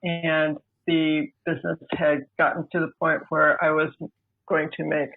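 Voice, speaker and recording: A woman, a podcast guest, telling her own story in a measured, deliberate way over a remote line. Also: low voice, little pitch movement. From United States. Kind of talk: personal storytelling. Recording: tinny phone-like remote line.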